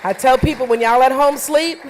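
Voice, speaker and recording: A woman's voice: sits high, a little fast, some chatter behind, slight background noise. A woman in her forties giving an emotional acceptance speech at a banquet, laughing often and joking with the audience. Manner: warm, laughing often, playful asides to the audience.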